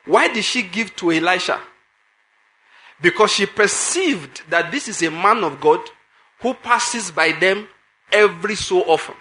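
A man's voice: sits high, lively intonation, a little slow, pushed and bright. A man preaching a sermon, emphatic, repeating phrases and putting questions to his listeners.

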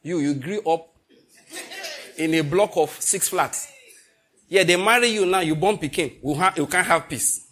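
A middle-aged Nigerian man preaching a sermon, telling stories and slipping into pidgin, moving between loud and hushed delivery. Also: fairly high pitch, normal speed, pauses often. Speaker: pastor. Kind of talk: sermon with storytelling.

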